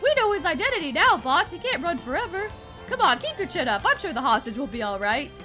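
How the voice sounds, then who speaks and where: A woman voicing an eager, excitable young male police officer in game dialogue. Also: high-pitched, fast, soft background music, voice pushed up, heavily acted. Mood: upbeat. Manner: upbeat, excitable, chipper. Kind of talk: game dialogue read aloud.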